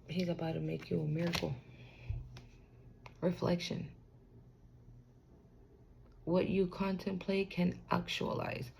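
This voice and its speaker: A woman's voice: fairly low pitch, fairly even intonation, slow pace, gravelly, long pauses, a little mellow, a little hiss or hum. A young woman giving a casual spiritual card reading to the camera, talking in a loose, slangy way, swearing freely and speaking straight to the viewer.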